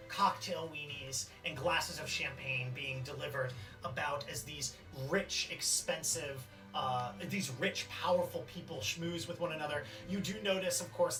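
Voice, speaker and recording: Rambling game master narrating a scene. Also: medium pitch. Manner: rambling, hesitant with many fillers. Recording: distant mic with faint music.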